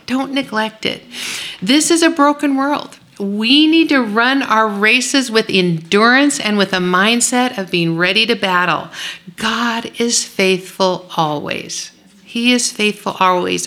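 Gravelly bright-voiced woman Bible teacher. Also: fairly high pitch. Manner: earnest, encouraging, exhorting. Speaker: women's Bible study leader. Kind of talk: Bible study teaching and closing prayer.

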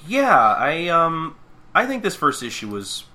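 A male podcast co-host in casual chat, with a very bright, edgy tone. His pitch jumps around in animated recaps with frequent restarts. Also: a little slow.

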